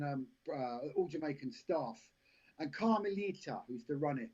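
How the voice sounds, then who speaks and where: Brief: male guest, husky, lively storyteller, dull lo-fi stream sound. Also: a little high, moderate pace. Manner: rambling anecdotes, frequent restarts, laughs at own stories. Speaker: actor and director, podcast guest. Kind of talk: casual storytelling interview. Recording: lo-fi live stream audio.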